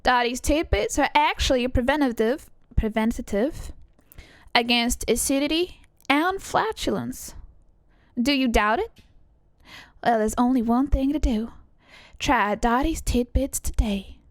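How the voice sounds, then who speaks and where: A woman voicing a persuasive old-fashioned ad announcer with a sing-song sales pitch. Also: a little slow, dry recording, clean studio sound. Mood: selling.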